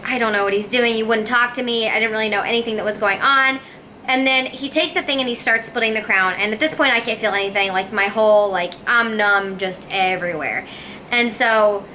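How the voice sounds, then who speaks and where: A woman's voice: fairly high pitch, brisk, slight background noise. A young woman vlogger telling a story to camera in a casual, emphatic way, often acting out what she thought and said. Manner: emphatic, animated retelling with quoted asides. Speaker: fitness vlogger.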